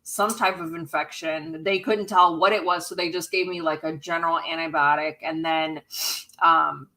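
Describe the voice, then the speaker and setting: A woman's voice: low voice, steady tone, normal speed, sharp tone, rough recording. A woman co-hosting a casual livestream chat, talking freely, laughing often and thanking viewers for donations. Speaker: YouTube channel co-host.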